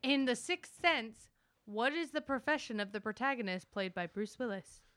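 A woman's voice: a little high, animated, normal speed, fairly bright tone, clear, resonant tone, dry recording. A woman co-hosting a casual film chat, easygoing, with lots of ums as she retells scenes. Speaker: podcast co-host.

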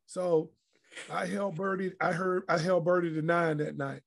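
A man's voice: high voice, normal speed, vocal fry. A middle-aged man, a retired athlete and podcast guest, telling profane, blunt stories in a casual interview. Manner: profane, blunt, animated anecdotes. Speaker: retired pro basketball player, guest.

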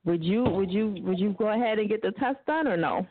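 A woman's voice: mid-range voice, lively intonation, a little fast, phone-quality sound, background noise. Laughing, foul-mouthed woman radio host. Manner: loose, laughing, profane banter. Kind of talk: casual call-in radio talk.

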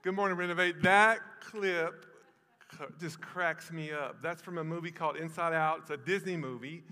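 A man's voice: fairly high pitch, moderate pace, sharp tone, long reverb tail. A man with a Tennessee accent preaching a sermon in a folksy way, repeating lines for emphasis. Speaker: pastor.

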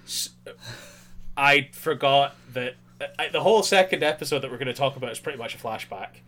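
A man co-hosting a podcast, recapping an anime episode in casual chat, animated and laughing often. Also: medium pitch, fairly quick. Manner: animated, laughs often, acts out lines in mock voices. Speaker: podcast co-host.

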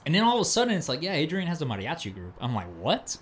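A man's voice: fairly high pitch, wildly swooping pitch, rapid-fire, fairly bright tone. A young man hosting a casual chat, talking with enthusiasm and lots of slang. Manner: enthusiastic, slangy, full of "bro" and "dude". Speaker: host.

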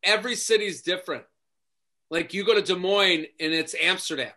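A male comedian guest telling stories in animated, casual podcast chat, full of "like". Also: high voice, moderate pace. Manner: animated storytelling with lots of "like".

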